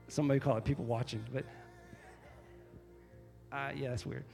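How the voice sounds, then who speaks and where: A man preaching a sermon as pastor, emphatic and repetitive, often rising to loud, high exhortation. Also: steady tone, measured pace, vocal fry, long reverb tail, soft background music.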